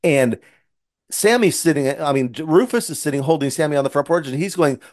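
A man's voice: on the high side, lively intonation, brisk, a little mellow. A man who writes Christian children's books, earnestly retelling one of his stories in casual conversation with frequent restarts. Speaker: Christian children's book author. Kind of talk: casual storytelling.

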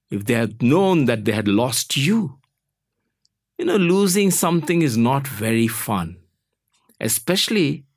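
A man teaching a sermon lesson, telling a story slowly and deliberately. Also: medium pitch, dry recording, studio quality. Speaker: preacher.

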